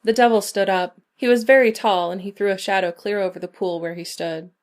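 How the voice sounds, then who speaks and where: A woman narrating a short story in a measured, even reading. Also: mid-range voice. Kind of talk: scripted narration.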